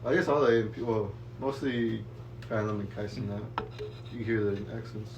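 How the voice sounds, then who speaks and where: A man's voice: fairly low pitch, moderate pace, muffled recording. Laid-back young man, Californian accent, off-mic. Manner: laid-back, swears casually. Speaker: podcast co-host. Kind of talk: casual chat. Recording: distant mic with background noise.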